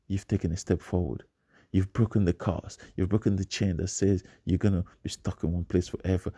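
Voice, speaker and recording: A man's voice: low voice, fairly even intonation, brisk, mellow, slightly rough, dry recording, clean studio sound. A man giving a motivational speech, emphatic and repeating his phrases for effect. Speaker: motivational speaker.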